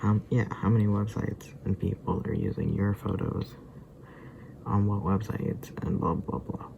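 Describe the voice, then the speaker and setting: A man's voice: fairly low pitch, fairly even intonation, a little slow, creaky, noisy background. A tired, sleepy man rambling casually to the camera, sometimes drifting into muttered whispers. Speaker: vlogger.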